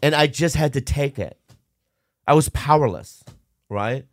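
A man's voice: medium pitch, animated, a little slow, no echo, studio quality. A man from Minnesota in casual conversation, candidly telling a rambling personal story with lots of fillers.

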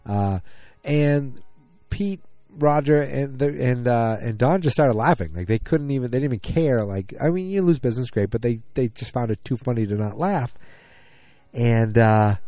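Recapping a TV episode in a relaxed way, a man with a lowish, mellow voice takes his time, stumbling through ums and restarts as he replays scenes and quotes characters. The recording has no room sound.

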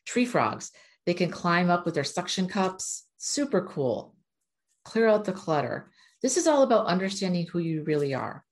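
Earnest woman with a lowish voice, reading oracle cards and encouraging her viewers. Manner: earnest, encouraging, blunt at times. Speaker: spiritual oracle card reader.

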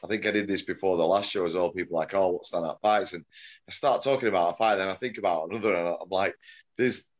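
A man's voice: low voice, very fast, dull audio. A middle-aged man, a combat-sports promoter chatting as an interview guest, rambling and correcting himself as he goes. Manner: rambling, self-correcting, chuckling. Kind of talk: casual interview chat.

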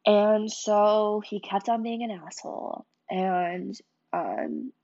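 A woman's voice: mid-range voice, takes it slowly, warm tone, muffled recording. A young woman hosting a podcast, telling her own story in a candid, emotional way, swearing freely and filling with "like" and "um". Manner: emotional, confiding, swears, lots of "like" and "um". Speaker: podcast host.

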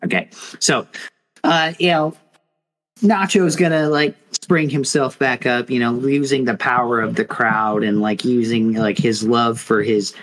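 A man's voice: medium pitch, fairly even intonation, a little slow, fairly bright tone, low-quality recording. A man co-hosting a podcast, telling a mock fight in a rambling, casual way full of fillers. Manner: rambling, filler-heavy storytelling. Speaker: podcast co-host.

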